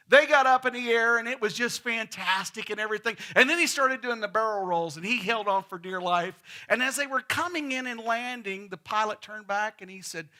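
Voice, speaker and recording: Male pastor, middle-aged, West Texas accent; folksy sermon storyteller with a high, bright voice. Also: brisk, few pauses. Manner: folksy storytelling, repeats words when starting. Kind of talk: sermon with a told joke. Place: church sanctuary.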